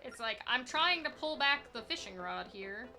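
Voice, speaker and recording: A woman's voice: fairly high pitch, animated, moderate pace, sharp tone. A woman streaming a speedrun, chatting loosely and answering chat as she plays, self-deprecating and giggly. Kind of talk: casual live gameplay commentary.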